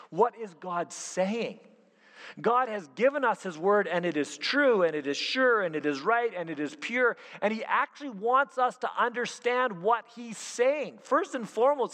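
Animated high-voiced preacher in a reverberant hall. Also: male voice. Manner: animated, full of rhetorical questions. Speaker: youth pastor. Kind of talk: sermon.

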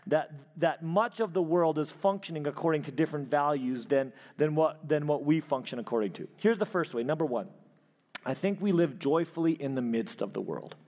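A man preaching a sermon, telling a personal story with animated delivery and frequent restarts. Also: on the high side, moderate pace, dull audio. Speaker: pastor. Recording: hall reverb.

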